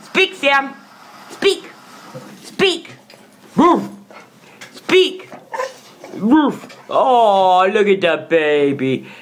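A woman's voice: medium pitch, sing-song, extremely slow, long pauses, a little hiss or hum. A woman filming a home video, giving her dog commands and praise in a coaxing, sing-song pet-talk voice. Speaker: dog owner. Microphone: handheld phone camera.

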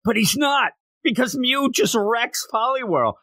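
Excitable man hosting a review podcast. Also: very high voice, a little slow, no room sound. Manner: animated, excitable storyteller acting out quotes. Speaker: podcast co-host. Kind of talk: casual manga review chat.

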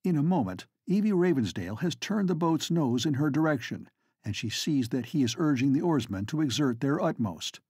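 Man reading an old novel aloud, husky dry voice, measured dramatic pacing. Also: a little high, sing-song, darkish tone, no echo. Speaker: audiobook narrator. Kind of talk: scripted narration.

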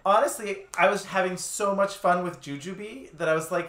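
An upbeat woman co-host who laughs easily, with a lowish voice for a woman. She chats casually and runs through plugs, her voice sounding roomy and echoey. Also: brisk, fairly bright tone, soft background music. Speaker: podcast co-host. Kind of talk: casual chat and sponsor reads.

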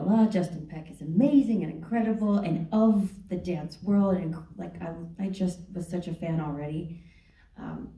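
A woman guest telling a lively story in an onstage conversation in a theater, often laughing. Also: on the low side, lo-fi sound. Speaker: actress guest. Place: theater stage, roomy hall. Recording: echoey theater, distant mic.

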